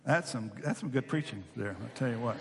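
A man preaching a sermon as a pastor, animated and acting out the voices of the story's characters. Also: medium pitch, brisk, gravelly, big-room sound, background noise.

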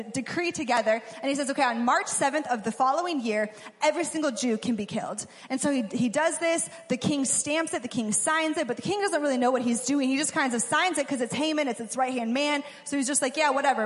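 Young woman preacher, high voice, casual and chatty, long hall reverb. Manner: chatty, lots of "like", acts out characters in quick asides. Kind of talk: casual sermon.

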